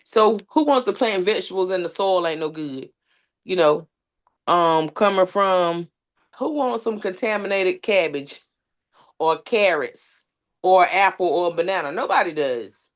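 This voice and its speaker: A woman's voice: on the low side, measured pace. A woman, a substitute teacher and community organizer, giving an impassioned talk at a panel. She talks earnestly, with long lists and frequent fillers.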